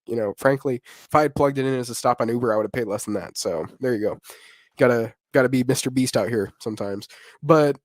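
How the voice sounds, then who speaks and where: A young man co-hosting a podcast, telling a rowdy story in casual slang, animated and laughing often. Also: mid-range voice, dry recording, clean studio sound. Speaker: podcast co-host.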